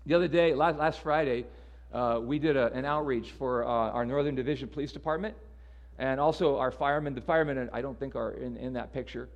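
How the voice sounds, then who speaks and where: A man's voice: medium pitch, a little fast, creaky, dull audio. A man preaching a sermon in a casual, conversational way, often repeating words as he restarts. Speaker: pastor.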